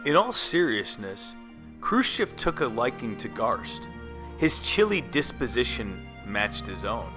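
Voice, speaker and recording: A man's voice: medium pitch, very animated, unhurried. A man narrating a scripted history video with sarcastic, jokey asides. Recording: voice-over with faint music.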